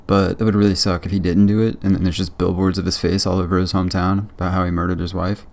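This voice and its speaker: A man's voice: low-pitched, flat delivery, quick pace, gravelly, darkish tone. A man hosting a reaction video, chatting casually, joking and laughing as he reacts. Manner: joking, laughs often, offhand; enthusiastic sign-off to viewers. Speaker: reaction channel host.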